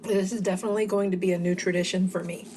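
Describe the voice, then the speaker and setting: A woman, chatting warmly and enthusiastically to viewers in a home cooking vlog while tasting food. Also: fairly low pitch, steady tone, racing, slight background noise. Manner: chatty, enthusiastic, says y'all. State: talking while eating.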